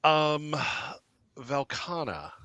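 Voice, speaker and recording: A man guiding a tabletop game with an expressive, bright voice that swings widely in pitch. He paces his narration slowly and throws in theatrical sound effects. The recording is close and dry. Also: smooth, dry recording, muffled recording. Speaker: game master.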